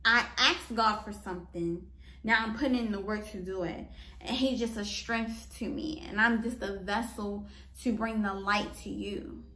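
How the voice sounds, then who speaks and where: A woman's voice: mid-range voice, steady tone, normal speed, bright, forceful tone. Earnest woman host in an echoey room. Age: adult, past high school. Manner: earnest, repetitive, preacherly cadence. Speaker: podcast host. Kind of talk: personal faith talk on forgiveness.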